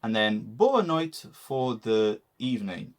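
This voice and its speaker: A man from the Algarve with a Portuguese accent, a native Portuguese speaker, explaining phrases in a relaxed lesson with small restarts. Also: on the low side, takes it slowly. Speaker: co-host teaching Portuguese. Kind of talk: casual language lesson.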